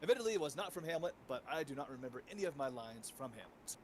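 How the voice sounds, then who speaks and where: A man's voice: medium pitch, lively intonation, racing. A man from Oregon co-hosting a livestream, chatting casually with wry, joking remarks. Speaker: livestream co-host. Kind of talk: casual chat. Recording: noisy home mic.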